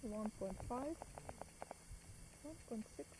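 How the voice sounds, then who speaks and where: A woman's voice: on the high side, lively intonation, takes it slowly, warm tone. Distant woman guide calling out readings. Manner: brief, instructive callouts. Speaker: tour guide. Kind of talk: guiding a tour outdoors. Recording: distant, noisy outdoor sound.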